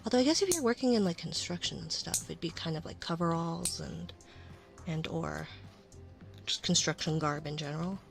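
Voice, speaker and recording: A woman streamer chatting casually in an ASMR stream, rambling and often dropping into a soft whisper. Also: sits low, moderate pace, vocal fry, soft background music. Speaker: VTuber streamer.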